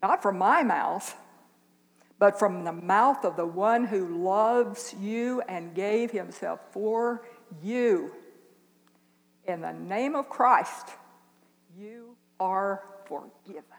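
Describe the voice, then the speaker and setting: An older woman preaching a sermon, speaking slowly and earnestly with long pauses. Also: mid-range voice, long reverb tail. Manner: slow, earnest, with dramatic pauses. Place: church.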